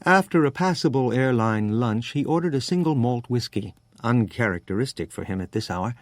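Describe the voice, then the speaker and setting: A man narrating an audiobook in a measured, even storytelling manner. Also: medium pitch, dry recording. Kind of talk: scripted narration.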